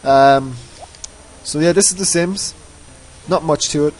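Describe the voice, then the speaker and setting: A man's voice: fairly high pitch, a little slow, rough recording. A man giving casual, rambling commentary over his own gameplay, often mocking himself. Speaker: let's play host.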